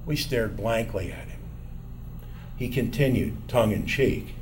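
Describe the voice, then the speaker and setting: An older man telling a personal story from his college years in a measured, wry, self-mocking way. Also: mid-range voice, background noise.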